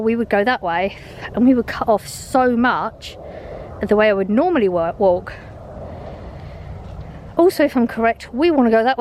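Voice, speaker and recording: A woman's voice: fairly high pitch, slight background noise. A woman vlogging while walking her dogs outdoors, chatting in a rambling way, laughing often and a little out of breath, filmed on a handheld phone. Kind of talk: rambling chatty vlog on a dog walk. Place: outdoors on a walk.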